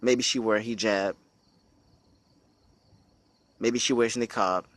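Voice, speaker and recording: A low-pitched man from the United States talks with force and feeling, hammering his points by repeating phrases and asking rhetorical questions. The sound is dry and close, with no room around it. He speaks to his listeners without a script. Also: steady tone, takes it slowly, a bit bright, no room sound. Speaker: speaker on a religious channel. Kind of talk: impassioned spoken commentary.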